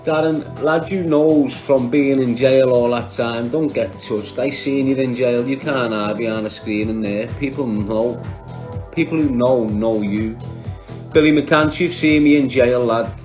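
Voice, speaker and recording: A man's voice: medium pitch, steady tone, a little slow, a little mellow, faint music behind. A man with a Liverpool Scouse accent, talking on a livestream, bluntly and combatively answering viewers by name. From Liverpool, England.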